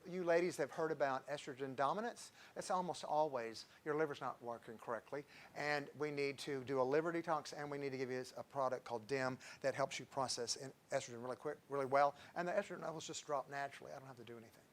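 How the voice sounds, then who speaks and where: A man's voice: medium pitch, fast, few pauses. A man, a doctor giving an informal health talk, chatty and digressive and telling patient stories.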